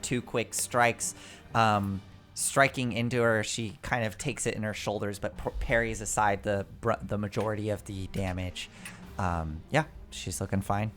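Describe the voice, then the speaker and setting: A man narrating as game master for a tabletop game, halting and relaxed with many fillers. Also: fairly low pitch, faint music behind.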